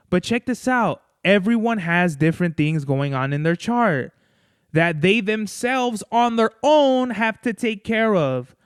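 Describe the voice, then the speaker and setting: A man's voice: sits high, lively intonation, a little slow, clean tone, no room sound, clean studio sound. A young man, hosting a podcast in loose, profane, rambling casual chat. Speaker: podcast host.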